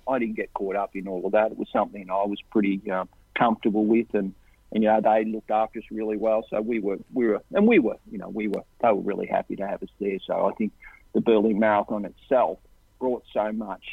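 An Australian man tells relaxed, animated anecdotes in a husky, breathy voice. The sound is thin and phone-like, heard through a tinny line. The recording is dry, with no room behind him. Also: dry recording. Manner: animated, jumps into higher voices for the people in his stories. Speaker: interview guest. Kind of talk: casual anecdotal storytelling.

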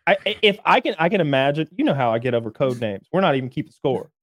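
A man's voice: fairly high pitch, sing-song, quick pace, dry recording. A man co-hosting a casual podcast chat, joking sarcastically.

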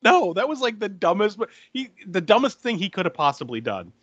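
A man's voice: high voice, big pitch swings, fairly quick, fairly bright tone, slightly rough, dry recording, lo-fi sound. A man hosting a podcast, recapping a movie plot in casual chat, chatty and laughing easily.

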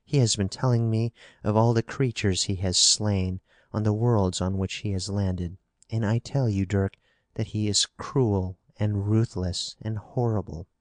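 A man's voice: fairly low pitch, steady tone, measured pace, no room sound, lightly acted. A man reading the part of a frightened young woman, pleading and anxious. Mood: fearful.

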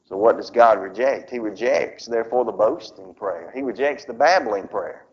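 A man preaching a sermon. He reads scripture slowly and swings between loud, raised emphasis and low, quiet drops. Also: expressive. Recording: dull lo-fi sound.

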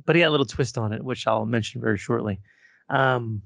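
A man's voice: medium pitch, brisk, gravelly, a bit bright, no room sound. A middle-aged man co-hosting a casual fan podcast, rambling with fillers and restarts. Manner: rambling with fillers and repeated starts. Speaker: podcast co-host.

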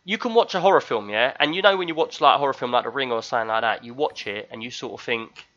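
Animated bright-voiced man, lo-fi sound. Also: medium pitch, fast talker. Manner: animated storyteller, acts out screams. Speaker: show regular. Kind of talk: casual chat.

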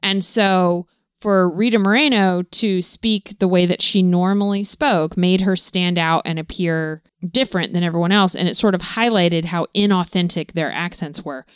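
Smooth-voiced woman explaining patiently. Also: lowish voice, fairly even intonation, moderate pace, no room sound, clean studio sound. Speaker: co-host, parent. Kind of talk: casual film discussion.

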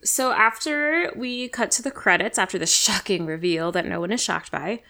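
A woman co-hosting a casual TV recap podcast, sarcastic and animated, acting out the characters' lines. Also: medium pitch, gravelly. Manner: animated, sarcastic, acts out characters in quick voices. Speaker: podcast co-host.

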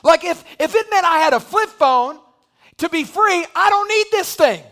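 A male pastor delivering an impassioned sermon to a church congregation, joking one moment and shouting the next. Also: extremely high pitch, lively intonation, normal speed. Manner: impassioned preaching that builds to shouting. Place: church sanctuary.

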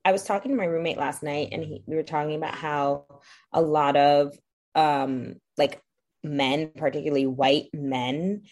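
A woman chatting with friends in a lively, animated way. She leaps into high, exaggerated tones to mock other voices. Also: moderate pace. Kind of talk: casual chat.

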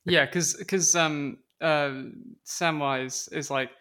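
A man's voice: on the high side, fairly even intonation, slow, pushed and bright. A man co-hosting a comedy podcast, chatting in a loose, rambling way. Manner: laughing easily, loose and rambling. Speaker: podcast co-host. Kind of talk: comedic show recap chat.

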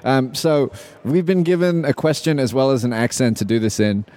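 Mellow-voiced hesitant Australian man. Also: medium pitch, moderate pace. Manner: hesitant, lots of ums and restarts. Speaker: podcast host. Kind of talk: live podcast panel chat. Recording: live show at a pen expo, audience.

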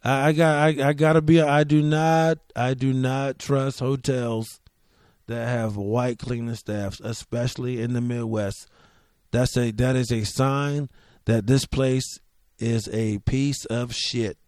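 A man's voice: medium pitch, little pitch movement, slow pace, a little mellow, no room sound, clean studio sound. A man hosting a comedy podcast, telling road stories in a loose, profane, joking ramble. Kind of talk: casual solo storytelling.

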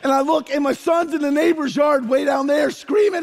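A man in his forties preaching a sermon, telling stories with animated energy and rising to shouts for emphasis. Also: extremely high pitch, fairly quick, creaky, hardly any pauses. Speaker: pastor.

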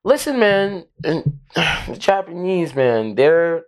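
A man co-hosting a podcast in casual chat, expressive and swearing heavily. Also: on the high side, takes it slowly. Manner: loud, expressive, heavy swearing. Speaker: podcast co-host.

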